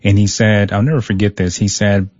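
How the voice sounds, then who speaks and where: A man's voice: fairly low pitch, level tone, brisk, a little mellow, no room sound, muffled recording. A man guest in an interview, telling a personal story in an earnest way, often repeating words. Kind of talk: conversational interview.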